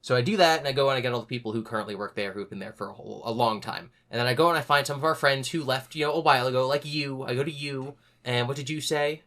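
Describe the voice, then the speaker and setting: A young man hosting a podcast, telling a story in a casual, animated way and acting out other people's lines. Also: mid-range voice, fast talker, hardly any pauses. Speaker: podcast host.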